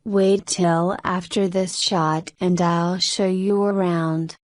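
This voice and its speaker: A woman reading the lines of a brash male film director in her own slow voice. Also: fairly low pitch, steady tone, no room sound, clean studio sound.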